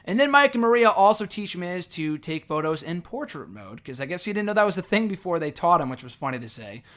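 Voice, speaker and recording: A young man talks through a television episode in a loose, chatty monologue. His voice sits a little higher than most men's, and he rambles, stacking up fillers and correcting himself mid-sentence. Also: sing-song, brisk, a bit bright. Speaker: show reviewer. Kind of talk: casual recap monologue.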